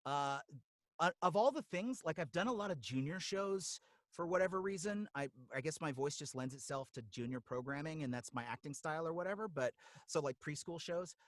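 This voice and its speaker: A man, a guest voice actor, chatting in a casual interview, animated and groping for names, slipping into voices mid-sentence. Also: fairly high pitch, fairly quick, no echo.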